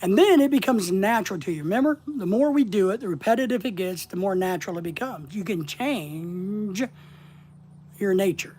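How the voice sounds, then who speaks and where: Speaking fast with few pauses, this middle-aged business coach has a high, husky, darkish voice and lots of expression. He leads a casual livestream lesson online in a rambling, plainspoken style, with a slight Southern accent.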